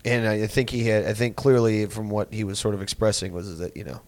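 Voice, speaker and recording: A man's voice: on the low side, fairly even intonation, fairly quick, darkish tone. A young man hosting a podcast, telling a story in a rambling, profane way with lots of filler words. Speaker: podcast host. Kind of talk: casual storytelling.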